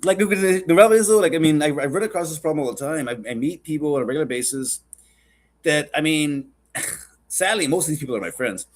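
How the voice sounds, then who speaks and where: A man's voice: on the high side, expressive, quick pace. A man hosting a podcast, chatting casually in a rambling, joking and profane way. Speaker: podcast host.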